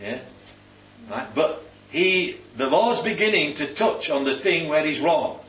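A man's voice: on the high side, expressive, unhurried, fairly bright tone. A man leading a Bible study, teaching and quizzing the group with questions. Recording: roomy, distant, dull sound.

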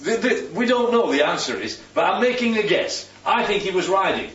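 A man's voice: high voice, sing-song, brisk, fairly bright tone. A man leading a Bible study, teaching and quizzing the group with questions. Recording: roomy, distant, dull sound.

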